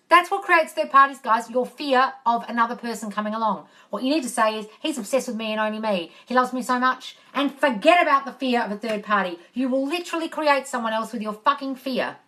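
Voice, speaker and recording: A woman with a somewhat high, slightly bright voice is live-streaming from home on her phone, answering viewer questions in a chatty, blunt way. She swears and calls people darling while reading comments and moving into the kitchen.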